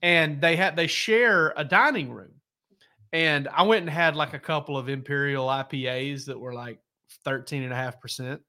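Bright-voiced man telling rambling stories. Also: fairly high pitch, moderate pace. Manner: rambling, self-correcting, laid-back storyteller. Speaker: sports reporter. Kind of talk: casual podcast storytelling.

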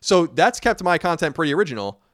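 A man hosting a casual podcast, blunt and quick, swearing now and then into a close mic. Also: fairly high pitch, very animated, fairly bright tone, dry recording. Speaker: podcast host.

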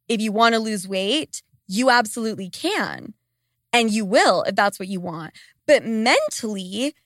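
A woman's voice: a little high, a bit bright, dry recording, studio quality. A young woman hosting a casual advice podcast, blunt and profane, answering listener letters.

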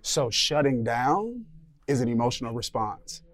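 A man's voice: mid-range voice, sing-song, measured pace. A man on a discussion panel, talking thoughtfully and searching for his words. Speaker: panel guest.

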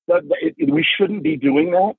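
A man's voice: huge pitch swings, normal speed, dry recording. A middle-aged man, a podcast guest, telling about family life with earnest, emphatic storytelling. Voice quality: husky. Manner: earnest, emphatic storytelling, rising pitch when moved. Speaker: podcast guest, father of a son with epilepsy. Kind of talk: podcast conversation. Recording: dry phone-like remote line.

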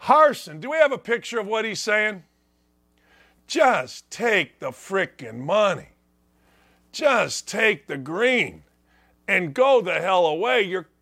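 Brief: male sports-radio host in his sixties, high pitched, bright, ranting and mocking, repeats himself. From northwest Indiana. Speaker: sports talk show host. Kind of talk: opinionated sports talk monologue.

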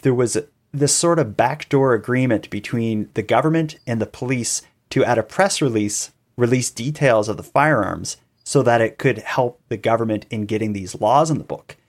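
A man's voice: normal speed, hardly any pauses. A man, a podcast guest in an interview, telling events at length and acting out quoted voices. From Canada. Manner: animated storytelling, acting out quoted calls with rising pitch. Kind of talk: conversational interview.

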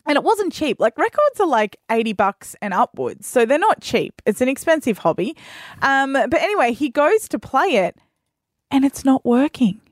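A woman's voice: high-pitched, very animated, moderate pace, no room sound, studio quality. A woman co-hosting a podcast, telling stories in a chatty way. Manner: chatty storytelling. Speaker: podcast co-host. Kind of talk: casual radio chat.

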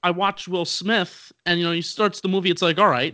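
A man's voice: high voice, moderate pace, bright, forceful tone, clear, resonant tone. A man co-hosting a podcast, rambling casually and poking fun at himself. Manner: rambling, self-deprecating. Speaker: podcast co-host. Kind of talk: casual chat.

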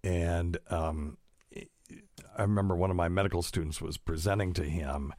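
A man with a very low voice talks in a loose, rambling way, full of ums and side tracks. The sound is dry and close, with no room around it. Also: steady tone, moderate pace, darkish tone, dry recording. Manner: rambling, digressive, many fillers. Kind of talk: casual talk, reading news aloud.

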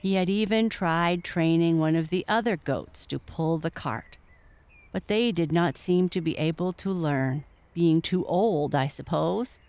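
A woman narrating a storybook in a calm, measured reading voice. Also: fairly low pitch, no echo.

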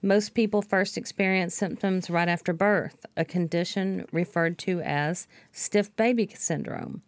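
A woman's voice: lowish voice, unhurried, dry recording. A woman co-hosting a podcast, reading topic notes aloud between brief casual replies. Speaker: podcast co-host.

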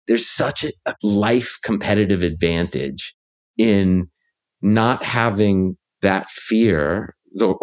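A man's voice: lowish voice, darkish tone. A man who is a ghostwriter and author, a guest in a casual conversation, talking through his ideas reflectively with many fillers.

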